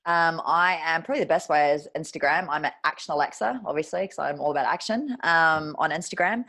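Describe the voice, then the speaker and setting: A woman's voice: low voice, a little fast, fairly bright tone. A woman, a guest on an interview show, telling a personal story in a frank, emotional way and swearing now and then.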